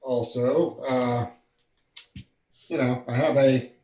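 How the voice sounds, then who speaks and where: Slow halting guy on a podcast, echoey dull mic. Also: medium pitch, steady tone, darkish tone. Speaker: podcast guest. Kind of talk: casual podcast chat. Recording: dull, echoey room sound.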